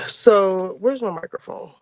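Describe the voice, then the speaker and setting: Speaking slowly in a fairly low, slightly rough voice with lively intonation, this podcast co-host wanders through a casual story full of fillers and profanity. She wears a clip-on microphone while moving about indoors before heading outside.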